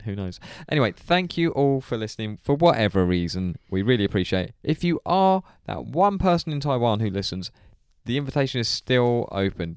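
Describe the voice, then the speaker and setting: A man's voice: fairly low pitch, clear, resonant tone, no room sound. A man hosting a podcast in casual chat, laid-back, wry and amused. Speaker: podcast host.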